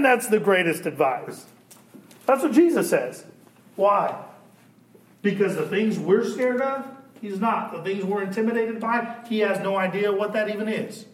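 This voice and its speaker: A man preaching a sermon in a church, animated and shouting at times, then dropping to a hush. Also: sits high, normal speed. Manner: animated preaching, swinging from loud to hushed. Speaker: pastor. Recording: echoey church room.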